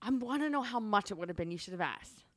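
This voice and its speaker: Woman on a podcast, teasing, jumps in with quick jokes, lively voice. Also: mid-range voice, dry recording, studio quality. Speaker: podcast co-host. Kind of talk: casual chat.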